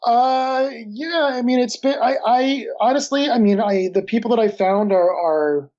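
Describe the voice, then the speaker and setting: A man with a fairly high voice answers interview questions casually, stopping and restarting often with lots of fillers. His audio comes through dull and lo-fi. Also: a little mellow. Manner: halting, many restarts and fillers. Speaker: guest comic creator.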